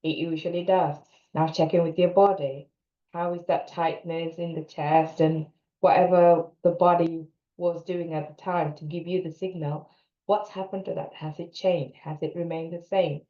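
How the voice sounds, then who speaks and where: A woman with a lowish voice leads a guided EFT tapping session, giving calm, steady instructions and repeating short phrases for the listener to say. The sound is roomy and a little dull, like a lo-fi recording in an echoey space. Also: moderate pace. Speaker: co-parenting coach.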